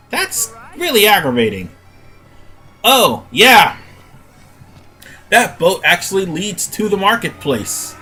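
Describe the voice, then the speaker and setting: This man, hosting a let's play, offers casual commentary on his gameplay through a stuffy nose. His voice sits high with a sharp tone, and he rambles, often pausing to correct himself.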